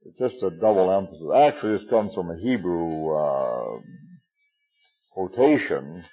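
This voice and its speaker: A man in his sixties talks through a passage in a relaxed Bible study. His voice sits very low and sounds husky, and he halts often with fillers and chuckles at his own quips. The recording is dull and lo-fi. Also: measured pace. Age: 60s. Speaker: Bible teacher.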